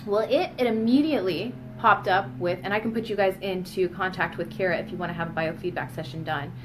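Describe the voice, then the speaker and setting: A woman's voice: medium pitch, a little fast, over music. A woman in her thirties talking candidly in a casual personal vlog, emphatic and blunt, now and then swearing. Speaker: vlogger.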